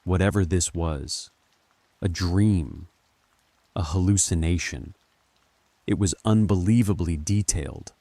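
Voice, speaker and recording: A man narrating a scripted horror story in a calm, measured first-person telling. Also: deep voice, dry recording.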